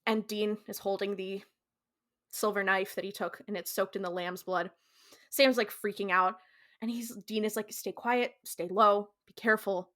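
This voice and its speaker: A woman co-hosting a podcast, retelling a TV episode in a casual, animated way, full of "like" fillers and slipping into quoted lines. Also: mid-range voice, normal speed. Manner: animated storyteller, slips into quoted character voices; frequent "like" fillers, casual swearing. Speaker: podcast co-host.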